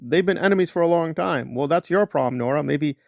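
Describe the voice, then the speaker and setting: A man's voice: on the high side, brisk, vocal fry, dry recording, lo-fi sound. A man doing sarcastic, mocking online commentary as a vlogger.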